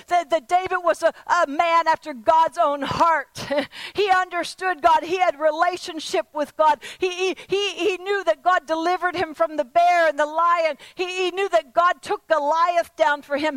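A woman's voice: extremely high pitch, fairly even intonation, moderate pace, fairly bright tone, no room sound, rough recording. A woman preaching a sermon to a congregation, asking earnest repeated questions and often restarting her words. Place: church service before a congregation.

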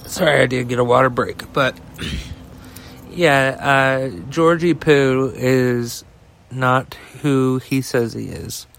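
A man's voice: mid-range voice, fairly even intonation, slow pace, gravelly, a bit bright, a little hiss or hum. A man hosting a solo podcast, ranting in a heated, profane and rambling way, full of fillers and restarts. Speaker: podcast host.

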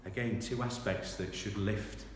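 A man preaching a sermon, reading scripture aloud with loud dramatic emphasis and then dropping to quiet reflection. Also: fairly low pitch, fairly even intonation, a little slow, a little hiss or hum. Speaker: pastor. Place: large church hall. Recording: echoey hall from far off.

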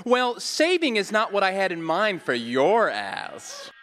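A man playing a campy, high-voiced flirt of a spy boss. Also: wildly swooping pitch, measured pace, a bit bright, full character voice. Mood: teasing. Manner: campy, theatrical, bursts into show tunes. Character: flirtatious male spy recruiter, innuendo-prone, sing-song. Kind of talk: comedy audio play.

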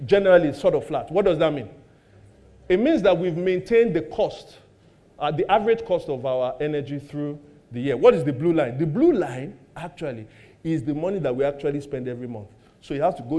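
A middle-aged man with a Nigerian accent, a pastor preaching a sermon with animated rhetorical questions and jokes about his own household. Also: a little high.

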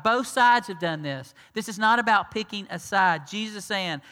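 A man preaching a conversational sermon who acts out the dialogue and swings between loud and hushed delivery. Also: high voice, animated, normal speed, hardly any pauses. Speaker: pastor. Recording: long hall reverb.

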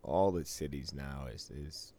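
A man's voice: very deep voice, measured pace, warm tone. A middle-aged man, a casino dealer, chatting casually and telling a profane work story, acting out both sides of an argument. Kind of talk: casual podcast chat.

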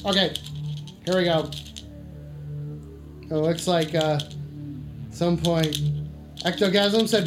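A man hosting a call-in stream show, excitable and crude, swearing a lot and joking around. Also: fairly high pitch, slow pace, long pauses, music in the background. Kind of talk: casual profane streaming chat.

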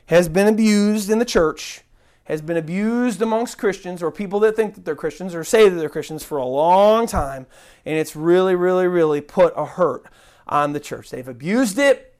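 A woman's voice: lowish voice, expressive, moderate pace, a little mellow. A woman giving an earnest online Bible teaching, indignant and emphatic, repeating words for stress.

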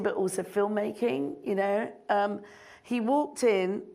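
A middle-aged woman, a filmmaker guest on stage, telling an animated anecdote with frequent laughter and mimicry. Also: medium pitch, gravelly.

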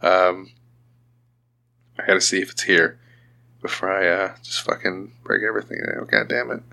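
A man hosting a podcast, talking casually in an animated, profane way. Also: deep voice, normal speed, gravelly.

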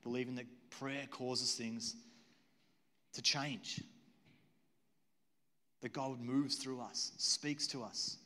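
A man's voice: medium pitch, steady tone, takes it slowly, pauses often, bright, forceful tone. A man preaching a sermon as pastor in a church, earnest and repetitive, often asking the audience questions. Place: church auditorium. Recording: long hall reverb.

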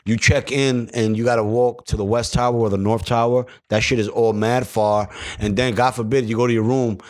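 A man trading crude, profane jokes as a podcast host, his voice sitting at a middling pitch. He talks loosely and irreverently. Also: flat delivery, fairly quick, a little mellow. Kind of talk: casual podcast banter.

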